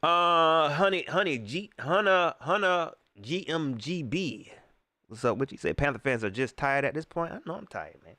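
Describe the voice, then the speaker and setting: Male fan-channel host, live-stream rant; lively swooping delivery, dry close sound, slangy and emphatic. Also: fairly high pitch, normal speed, dry recording. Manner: animated and emphatic, with repeated rhetorical questions; casual slangy speech with frequent fillers. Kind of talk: casual live-stream venting.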